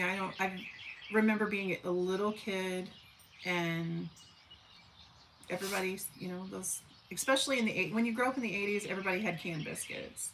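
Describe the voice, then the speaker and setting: A chatty woman from southern Missouri hosts a relaxed live stream, answering viewers in a folksy, easygoing way and turning aside to talk to her dogs. Her voice sits at a middling pitch, with a faint hum of noise behind it. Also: vocal fry. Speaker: livestream host. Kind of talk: casual live chat reading comments.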